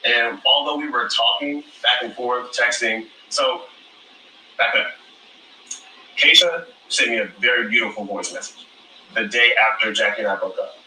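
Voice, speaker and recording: A man answering questions at a reunion, measured and defensive, heard from a distance in an echoey space. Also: mid-range voice, pushed and bright, slight background noise. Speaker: reality show contestant.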